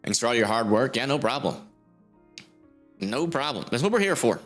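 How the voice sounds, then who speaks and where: A man's voice: medium pitch, big pitch swings, normal speed, fairly bright tone, soft background music. A young man hosting a live weather stream, commenting informally on a storm on radar, thinking aloud with many fillers. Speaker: storm chaser livestream host.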